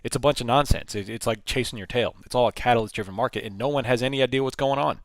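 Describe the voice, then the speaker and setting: A man hosting a live trading stream, mid-pitched and loose, thinking aloud as he talks. He rambles casually, often repeating and restarting his phrases. His voice sounds dry and close, with no room echo. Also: quick pace. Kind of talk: casual live market commentary.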